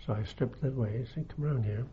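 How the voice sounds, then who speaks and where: An older man with a halting, unhurried way of talking, full of ums and restarts, recalling his army days in an oral history interview. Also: medium pitch, a little hiss or hum. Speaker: veteran interviewee. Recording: dull lo-fi archive tape.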